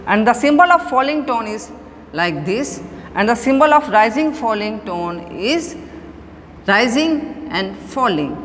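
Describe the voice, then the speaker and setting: A woman giving an online phonetics lecture, slow and repetitive, stressing key words. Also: fairly high pitch, a bit bright. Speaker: teacher. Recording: long echo, faint background noise.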